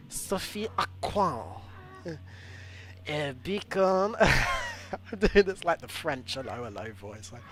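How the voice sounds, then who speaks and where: A man giving let's play commentary, reading in-game text and cracking jokes. His voice is bright and fairly high, with a very lively, swinging pitch. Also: slow, pauses often, low-quality recording. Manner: chatty, joking, reads text aloud. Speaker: gaming channel host.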